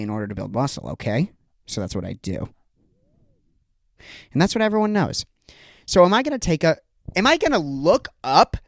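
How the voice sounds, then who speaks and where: A man's voice: on the high side, fairly bright tone, no room sound. Young man, comedy rant, mock-angry, rhetorical questions, dry room. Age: young adult. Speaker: comedy podcast host.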